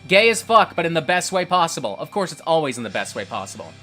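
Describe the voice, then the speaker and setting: A man's voice: on the high side, big pitch swings, fast talker, fairly bright tone, soft background music. A man hosting a livestream, reading chat and ranting in a profane, combative way. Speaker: livestream host.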